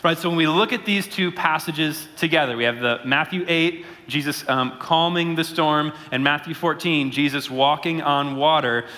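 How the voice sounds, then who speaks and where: A pastor giving a conversational sermon, often checking in with his listeners with a quick "right?". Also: fairly high pitch, bright, forceful tone, big-room sound.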